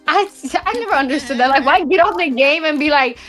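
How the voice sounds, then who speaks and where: Woman, high voice, fast rambling storyteller, lots of fillers. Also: fairly bright tone, soft background music. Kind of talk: casual storytelling.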